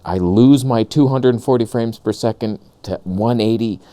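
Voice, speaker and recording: A camera vlogger rants sarcastically in a comedic outdoor vlog, recorded on a lavalier mic. He swings between high mocking voices and low grumbles, speaking at a normal, mellow pace.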